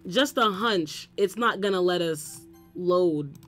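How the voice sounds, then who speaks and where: A woman streaming a game, reacting with excitable, exclamatory commentary. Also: lowish voice, slow, soft background music. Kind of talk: let's play commentary.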